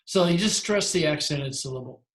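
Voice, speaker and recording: A man's voice: a little high, animated, moderate pace, reverberant. A man teaching a language class, explaining at length with frequent restarts and self-corrections. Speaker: Greek teacher. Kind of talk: lecturing in a class.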